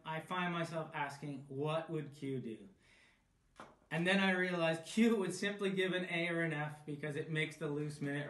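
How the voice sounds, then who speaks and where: A man with a slightly high voice delivers a farewell with mock-grave, dry humour. His voice sounds roomy and echoing. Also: a bit bright. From Canada. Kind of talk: casual video greeting.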